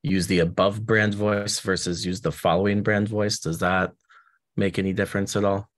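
A man's voice: fairly low pitch, level tone, normal speed. A man relaying audience questions in a webinar, asking hesitantly with many fillers. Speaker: moderator relaying chat questions.

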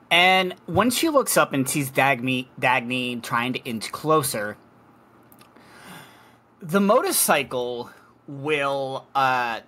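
A game master narrating a tabletop scene in a measured, halting way. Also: mid-range voice, pushed and bright.

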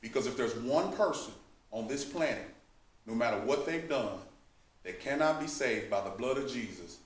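A man's voice: medium pitch, expressive, normal speed. A man teaching a Bible study, speaking in an emphatic, fervent preaching manner. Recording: echoey room, mic at a distance.

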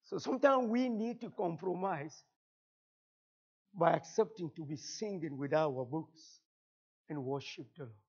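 A man from Cameroon with a Cameroonian French accent, whose first language is French, preaching a fervent sermon as a guest pastor, repeating phrases and rising to shouts. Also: a little high, measured pace, pauses often, breathy edge, dull audio.

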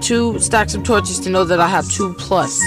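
Over game music, a man with a high-sitting voice offers casual commentary on his gameplay, reacting out loud as he goes. His pace is normal.

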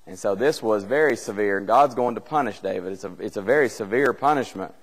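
In a church hall with long reverb, a male preacher leads a conversational Bible class, retelling a scripture story with rhetorical questions and reading old-style scripture aloud. His voice is lowish and he talks fast.

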